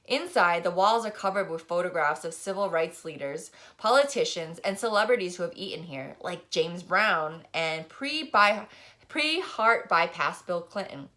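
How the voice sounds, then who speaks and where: A woman's voice: fairly low pitch, animated, normal speed, sharp tone. A woman reading a novel aloud, narrating expressively in the first person. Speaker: reader.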